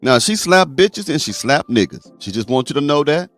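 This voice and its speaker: A man's voice: fairly high pitch, moderate pace, soft background music. A man hosting a show, reacting crudely to clips and retelling them. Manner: crude, animated storytelling. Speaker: host.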